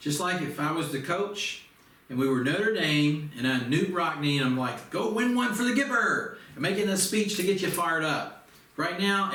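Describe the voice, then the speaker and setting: A man teaching a speed reading lesson, giving an energetic coach-like pep talk and counting aloud. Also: fairly high pitch. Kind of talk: motivational lesson. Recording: roomy, distant from the mic.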